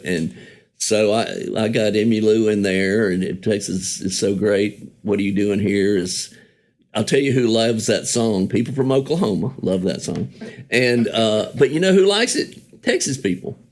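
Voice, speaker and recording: A man's voice: fairly low pitch, normal speed, a little mellow. A songwriter telling stories about an old friend in an easygoing, rambling way, often correcting himself and chuckling as he talks. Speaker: songwriter guest remembering a friend. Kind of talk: conversational storytelling.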